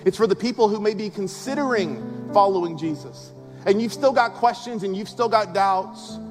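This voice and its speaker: A man's voice: sits high, moderate pace. A male pastor delivering a sermon in a large church, conversational and emphatic, full of rhetorical questions to the congregation. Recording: long hall reverb with faint music.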